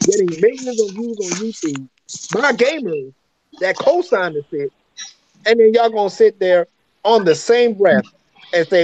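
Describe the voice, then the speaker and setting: This African man co-hosts a podcast, offering blunt, profane and opinionated casual talk. His voice is high, animated, a little slow and a little mellow, heard through muffled audio with faint noise.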